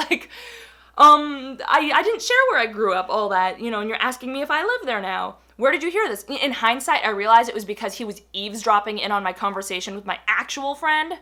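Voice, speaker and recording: A young adult woman telling a personal story in a casual, animated way, full of fillers and acted-out quotes. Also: a little high, fast.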